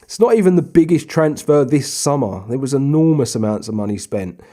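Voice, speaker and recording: Casual, chatty Let's Play commentary comes from a young man, a gaming YouTuber playing a football management game. His mid-pitched voice moves at a fairly quick clip as he rambles along, then breaks into excited, shouted play-by-play over goals when things go well.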